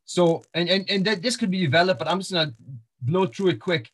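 A man preaches through Bible verses in a sermon, his delivery full of fillers, repeated words and restarts. He speaks briskly in a high, fairly bright, slightly rough voice.

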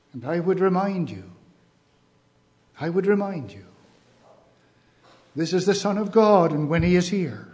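A man preaching a sermon in a measured, emphatic way, repeating key phrases. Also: very high voice.

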